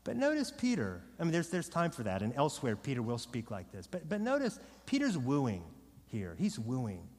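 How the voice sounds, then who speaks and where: A pastor preaching a sermon to his congregation, swinging from loud proclamation to soft, low pleading. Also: wildly swooping pitch, normal speed. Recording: long reverb of a large hall.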